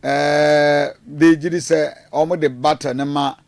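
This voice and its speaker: A man's voice: fairly high pitch, flat delivery, unhurried, darkish tone, no echo. A man with a Ghanaian accent giving rambling, hesitant political commentary, mixing in Twi phrases. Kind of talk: casual news commentary.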